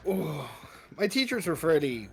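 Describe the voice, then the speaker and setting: A man chatting casually, giving short relaxed replies. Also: on the high side, unhurried, faint music behind. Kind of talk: casual chat.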